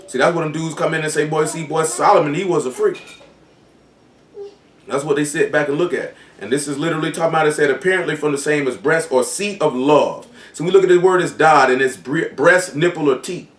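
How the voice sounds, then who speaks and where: Echoey, distant preacher, raised voice. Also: male voice, a little high, quick pace, hardly any pauses. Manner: reads scripture aloud, then explains it in loose colloquial speech. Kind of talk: sermon.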